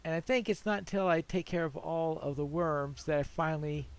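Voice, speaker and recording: A man's voice: a little high, a little fast, slight background noise. A man giving casual let's-play commentary while he plays, musing aloud in a rambling, self-deprecating way. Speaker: gameplay commentator.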